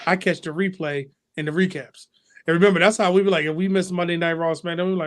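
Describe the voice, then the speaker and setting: Lively man chatting about wrestling. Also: high voice, fast talker. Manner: animated, acts out fan reactions. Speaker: podcast co-host. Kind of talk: casual chat.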